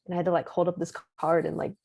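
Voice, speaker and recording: A young actress chatting in a relaxed, hesitant way as a podcast guest, using lots of fillers and laughing easily. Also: female voice, lowish voice, racing, vocal fry, husky. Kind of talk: casual interview.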